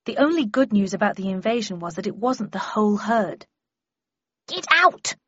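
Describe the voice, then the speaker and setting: Husky woman narrating a story. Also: medium pitch, fairly quick, no room sound, highs cut off. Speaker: audiobook narrator. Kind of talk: scripted first-person narration.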